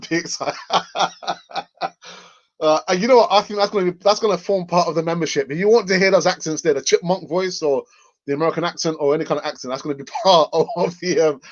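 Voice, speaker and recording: A man's voice: a little high, fast, lo-fi sound. A man hosting a casual live stream, chatting and reading out viewer comments, often laughing.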